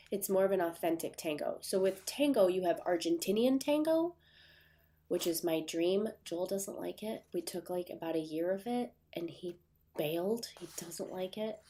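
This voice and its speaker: A woman's voice: on the low side, warm tone. A woman with a Midwestern accent and a nasal, stuffy voice, chatting casually with viewers as host of her livestream from her desk at home. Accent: Midwestern American. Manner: chatty, rambling with fillers. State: stuffy runny nose.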